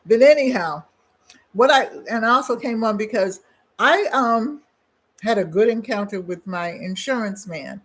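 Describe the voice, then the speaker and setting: A woman's voice: on the high side, animated, normal speed, a bit bright. An older woman hosting her own channel, chatting casually and telling rambling stories full of asides and restarts. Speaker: channel host. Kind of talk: casual chat.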